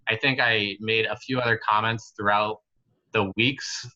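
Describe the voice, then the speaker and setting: A man in his twenties telling a story as a guest on a casual podcast, chatty and relaxed, full of fillers like "like" and "you know". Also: lowish voice, measured pace. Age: 20s. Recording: slightly muffled lo-fi recording.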